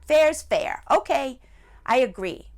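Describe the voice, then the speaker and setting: A woman's voice: high voice, animated, slow pace, pitched above the performer's own voice. Woman voicing a sweet clever sheep. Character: clever calm female sheep.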